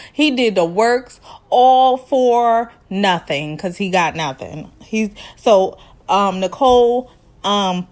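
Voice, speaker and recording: A woman in her late twenties hosting a casual, sassy reality TV recap, acting out the people she talks about and laughing often. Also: medium pitch. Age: 20s. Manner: sassy, animated storytelling with impressions and laughter.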